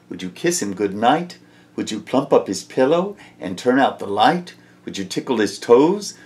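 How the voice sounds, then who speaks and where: A man reading picture books aloud to children in a gentle, expressive storybook manner. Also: on the low side.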